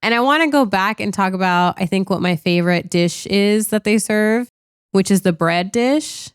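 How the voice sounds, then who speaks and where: A woman's voice: medium pitch, moderate pace, clear, resonant tone, no room sound, clean studio sound. A woman co-hosting a podcast, chatting casually about a movie, talking loosely with lots of "like" and the odd swear. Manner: chatty, animated, peppered with "like" and swearing. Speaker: podcast co-host. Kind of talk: casual movie review chat.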